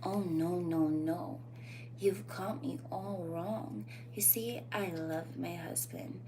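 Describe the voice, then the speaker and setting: A woman putting on the voice of a sultry cartoon femme fatale, speaking slowly in a soft, breathy half-whisper. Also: fairly low pitch, fairly even intonation, noisy background. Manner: slow, soft, seductive delivery.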